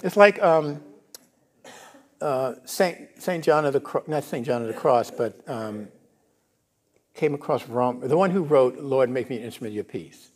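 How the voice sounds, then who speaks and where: A man's voice: mid-range voice, unhurried. A middle-aged male minister giving a conversational sermon in a church, often asking the congregation if they follow. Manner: casual, animated, asks the congregation if they follow. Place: church sanctuary.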